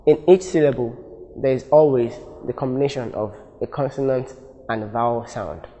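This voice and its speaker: A man from Nigeria teaching an English lesson, explaining step by step and deliberately. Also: medium pitch, dark tone, a little hiss or hum. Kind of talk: classroom lesson. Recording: long reverb.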